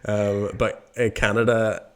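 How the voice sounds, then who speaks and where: A man from the UK talks in a relaxed podcast chat, circling around his point before landing on it. His voice sits on the low side and stays level, with little rise and fall. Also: slow pace. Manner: meandering, thinks aloud while answering. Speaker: podcast co-host. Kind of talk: casual chat.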